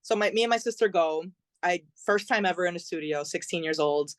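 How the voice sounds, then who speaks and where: A woman's voice: on the low side, fairly quick, dry recording. A young adult woman, a podcast guest, chatting and telling her story with lots of fillers and acted-out quotes. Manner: chatty, many fillers, acts out quoted dialogue. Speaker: podcast guest, singer-songwriter. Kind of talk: conversational storytelling.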